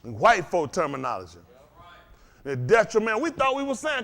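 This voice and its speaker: A man preaching a sermon to a congregation, firing questions at the crowd and swinging between loud and low. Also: sing-song, brisk. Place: congregation hall.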